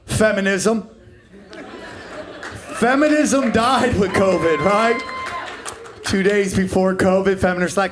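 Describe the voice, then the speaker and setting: A man in his forties doing a stand-up comedy set, brash and profane, shouting his punchlines and acting out the people in his stories. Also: high-pitched, slow, pauses often, a faint crowd. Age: 40s. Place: comedy club stage in front of a live audience.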